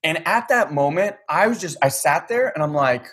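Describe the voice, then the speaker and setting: A man's voice: a little high, moderate pace. A man telling a story in casual chat, acting out the dialogue and swearing casually. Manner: animated, acts out quoted dialogue, swears casually.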